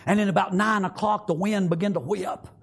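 A man preaching an emotional sermon in folksy rural grammar. He swings from loud pleading to hushed tones. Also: sits high, steady tone, fairly quick, vocal fry, breathy edge.

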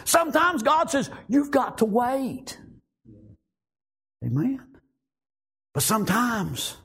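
A man's voice: mid-range voice, husky. A man preaching a sermon, repeating himself and calling out amens. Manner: animated preaching with frequent repetitions and amens.

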